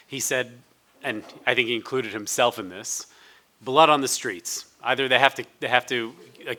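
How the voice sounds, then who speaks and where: A man's voice: mid-range voice, pushed and bright. A man, a rabbi on a conference panel, telling a story in a conversational way.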